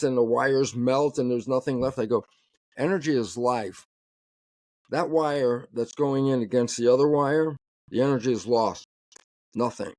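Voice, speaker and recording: A man who is a biologist speaks as an interview guest in animated, conversational talk, emphatic and often laughing mid-sentence while acting out both sides of dialogues. His mid-range voice has a darkish tone, captured with clean studio sound and no room sound.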